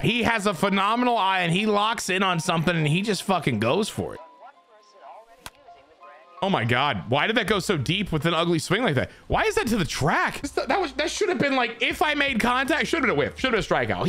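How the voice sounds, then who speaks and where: A young man giving live gameplay commentary as a streamer, excitable and self-mocking, swearing freely. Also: sits high. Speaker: gaming streamer.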